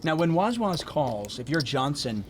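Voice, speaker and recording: A man's voice: fairly high pitch, big pitch swings, measured pace. A man giving play-by-play poker commentary, chatty and joking with his co-host. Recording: noticeable background noise.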